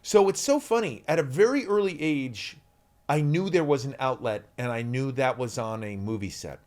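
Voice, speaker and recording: A man in his forties, an actor guest, telling candid stories in an interview with lively energy. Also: medium pitch, normal speed. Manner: energetic, animated, shouts out quoted lines.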